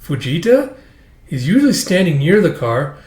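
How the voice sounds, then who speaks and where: A man's voice: mid-range voice, steady tone, normal speed, echoey room. A man hosting a casual read-along of a comic chapter, rambling with lots of fillers. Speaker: host.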